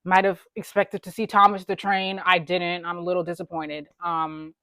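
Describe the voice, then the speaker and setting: A woman hosting a casual music video reaction, excitable and teasing, exclaiming often. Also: on the low side, normal speed, no room sound. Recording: faint music in background. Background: music video playing faintly.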